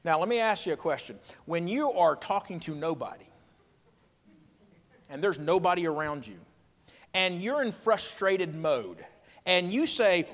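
A man, a pastor preaching a sermon with emphatic swings between loud and quiet. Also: a little high, very animated, a little fast. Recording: long reverb of a hall.

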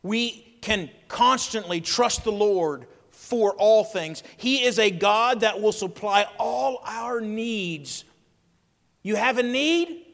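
A man, a pastor preaching a sermon with emphatic swings between loud and quiet. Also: sits high, takes it slowly. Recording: long reverb of a hall.

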